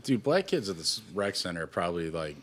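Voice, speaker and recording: A man co-hosting a podcast, trading crass mocking jokes and laughing loudly in casual banter. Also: sits low, big pitch swings, fast, a crowd in the background. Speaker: podcast co-host.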